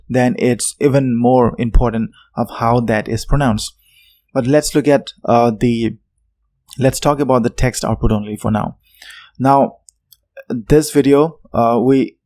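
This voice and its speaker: A man talks through a technical tutorial in an unscripted way, pausing on fillers and restarting his sentences. His voice sits at an ordinary middle pitch and sounds dry and close, with no room echo. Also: mellow. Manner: unscripted, many fillers and self-corrections. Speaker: tech tutorial presenter. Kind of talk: explanatory tutorial talk.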